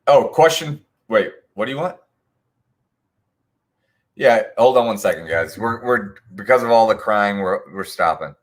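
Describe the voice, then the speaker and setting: A man's voice: fairly low pitch, lively intonation, measured pace, long pauses. A man hosting an online trivia night, reading answers and scores and teasing players in the chat with sarcastic banter. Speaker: trivia host.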